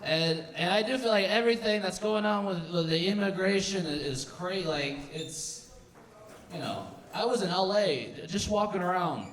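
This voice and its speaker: A man's voice: high-pitched, lively intonation, moderate pace, a bit bright, echoey room, far from the mic. A young man doing a stand-up comedy set, rambling and stumbling over his words, acting out his own and other people's lines. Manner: rambling, self-interrupting, acts out quotes.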